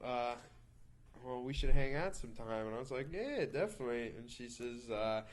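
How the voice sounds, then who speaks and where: A man's voice: medium pitch, normal speed, slight background noise. A man in his twenties telling a long, crude story in casual chat, rambling with lots of fillers and repeats. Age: 20s. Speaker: podcast storyteller.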